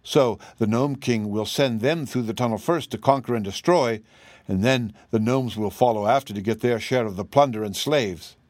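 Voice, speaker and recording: A man reading an audiobook, voicing a kindly tin man emperor in a gentle, grave, measured way. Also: medium pitch, no room sound, studio quality, lightly acted.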